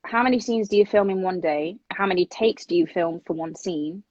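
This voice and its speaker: A woman with an English accent chatting casually on a phone livestream, reading fan questions aloud in a brisk, chatty way. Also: on the low side, a little mellow, no echo. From England. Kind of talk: casual live-stream chat. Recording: dull lo-fi phone audio.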